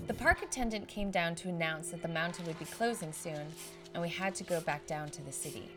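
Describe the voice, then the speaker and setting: A woman's voice: on the low side, normal speed, music in the background. A woman podcast host narrating a travel story in a reflective, vivid scripted style.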